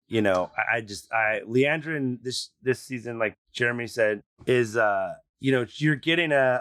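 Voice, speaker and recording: A man in an easygoing podcast chat, animated and quick to swear. His voice sits in a middle pitch and he keeps stopping for fillers. The sound is close and dry, with no room around it. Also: clear, resonant tone, dry recording. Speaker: podcast co-host. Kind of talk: casual chat.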